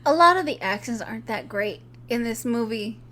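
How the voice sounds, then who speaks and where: A young woman chatting about a movie on a podcast, relaxed and easygoing, leaning on filler words. Her voice sits a little higher than most women's. A faint hum stays under everything. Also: moderate pace. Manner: easygoing, heavy use of "like". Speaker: podcast co-host. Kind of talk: casual chat recapping a movie.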